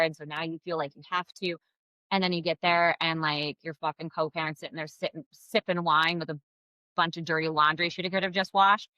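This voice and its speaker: A woman giving blunt, expressive co-parenting advice straight to her viewers, swearing freely. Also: lowish voice, fairly quick, no room sound, lo-fi sound. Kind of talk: casual advice to camera.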